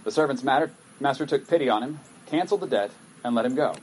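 A male pastor preaches a sermon in a conversational way, reading scripture aloud and breaking off for acted asides and comments. His medium-pitched voice moves fast, and the poor audio carries a little hiss or hum.

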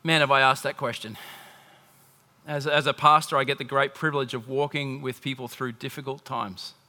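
Male pastor preaching, bright and forceful, animated, recorded in a big reverberant hall. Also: mid-range voice, moderate pace. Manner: animated preaching, swinging from loud emphasis to hushed intimacy. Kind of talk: sermon.

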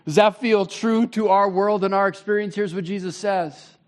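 A man in his thirties preaching a sermon as pastor, conversational and animated with sudden loud bursts. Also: high voice, moderate pace.

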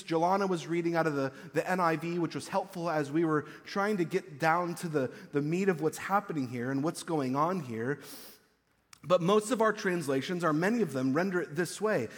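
Casual preacher in an echoey hall. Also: male voice, fairly high pitch. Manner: casual, animated, acts out quotes. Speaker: pastor. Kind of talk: conversational sermon. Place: church.

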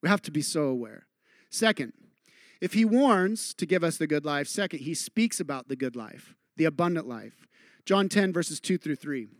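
Man, pastor, high-pitched, dry sound, lively sermon, shifts from loud to hushed. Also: moderate pace, no echo. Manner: animated, swings between loud and quiet. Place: outdoor tent church service.

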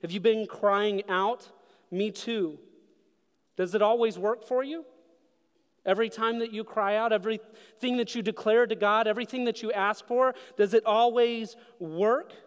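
A man preaching a sermon as pastor, moving between loud urgent questions and hushed solemn passages. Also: high-pitched, steady tone, moderate pace, smooth, long reverb tail.

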